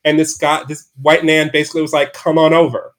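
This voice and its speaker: A man's voice: on the high side, level tone, a little fast, a bit bright. Rambling man telling a candid story. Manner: rambling, frequent "like" fillers and restarts. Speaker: podcast guest. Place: his bedroom at home.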